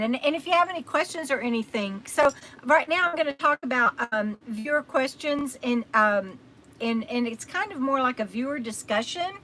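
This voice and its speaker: Chatty Texan woman, bright voice. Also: high voice, slight background noise, low-quality recording. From Texas. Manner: rambling, chatty, loses her train of thought, thanks commenters by name. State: tired and recovering from illness. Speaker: livestream host. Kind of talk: casual live-stream chat.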